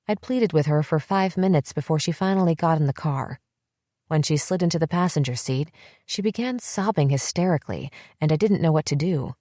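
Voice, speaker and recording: A woman reading a first-person psychological thriller audiobook in a tense, measured way on a close mic. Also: deep voice, mellow, dry recording. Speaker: audiobook narrator.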